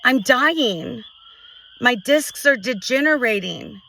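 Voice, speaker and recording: A middle-aged woman venting to a phone camera at home, frustrated and halting, restarting her sentences often. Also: a little high, lively intonation, gravelly, bright, forceful tone, recorded from a distance, rough recording. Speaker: vlogger. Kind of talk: emotional personal vent to camera.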